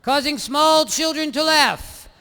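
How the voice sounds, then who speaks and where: A man's voice: slow pace, pushed and bright, exaggerated voice. A man playing a priest who drags out every word in a clipped, strained, froggy singsong. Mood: droning, pompous. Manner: high sustained singsong chant. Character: droning male priest, clipped nasal singsong, padding mass. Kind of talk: stand-up character bit.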